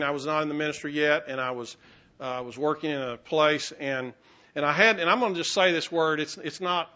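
A man preaching a sermon as pastor in a conversational, halting way, with many restarts and fillers. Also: on the high side, sharp tone, highs cut off.

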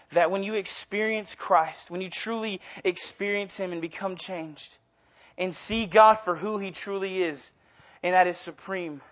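A young man with a high, slightly bright voice delivers an informal sermon as a guest preacher. He's casual and self-deprecating, rambling and frequently restarting sentences, all on a dull lo-fi recording.

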